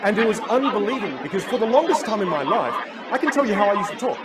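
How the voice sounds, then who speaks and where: Animated male speaker over loud crowd. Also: high-pitched, quick pace. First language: Teochew. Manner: animated storyteller who acts out voices. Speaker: public speaker and communication coach. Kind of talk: keynote talk. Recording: live talk with loud crowd and noise.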